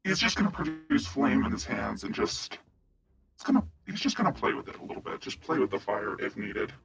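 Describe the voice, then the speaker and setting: A man playing a tabletop role-playing game, describing his character's actions with laughter and quick asides. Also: on the low side, wildly swooping pitch, vocal fry, a bit bright. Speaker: player.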